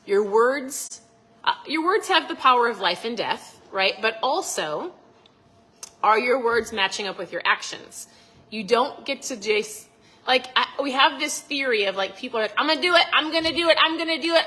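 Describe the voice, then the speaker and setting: A middle-aged woman talks straight to her phone camera outdoors, rambling through a casual pep talk. Her voice is bright and a little husky, and she slips into quick impressions of her own thoughts. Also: fairly high pitch, expressive, rough recording. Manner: chatty, rambling, acts out her inner voices. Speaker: vlogger. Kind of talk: casual motivational vlog. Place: outdoors by a lake at dusk.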